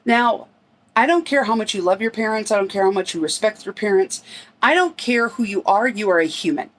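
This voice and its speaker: A woman's voice: medium pitch, expressive, brisk. Middle-aged woman telling a family story. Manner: conversational, acts out quoted dialogue in her telling. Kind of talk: casual personal storytelling.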